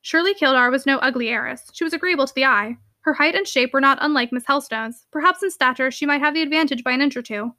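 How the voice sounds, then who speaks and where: A woman narrating a classic novel aloud with a brisk, expressive reading. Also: high voice, no echo, studio quality. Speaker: audiobook narrator.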